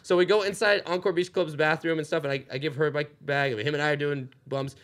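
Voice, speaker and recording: A young man, a podcast guest telling a rambling, profane, animated comic story. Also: a little high, fast.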